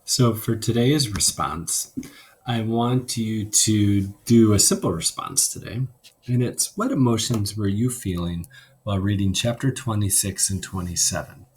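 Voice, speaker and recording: A teacher reads his class a novel in an expressive, lowish voice, taking his time as a storyteller and performing the characters' lines. Afterward he gives the students an assignment, with a faint hiss or hum audible.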